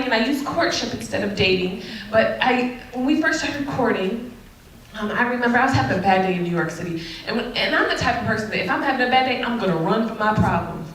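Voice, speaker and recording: A woman giving a candid, sassy talk about relationships to an audience, animated and often laughing. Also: a little high. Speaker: speaker addressing an audience. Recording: very echoey, mic far off.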